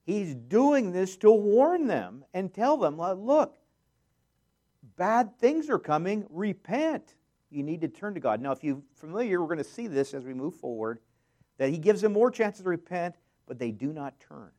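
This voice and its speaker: A man's voice: on the high side, big pitch swings, moderate pace, warm tone. A man preaching through scripture in a sermon. He reads verses aloud with rising force and slips in light jokes between frequent fillers. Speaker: pastor.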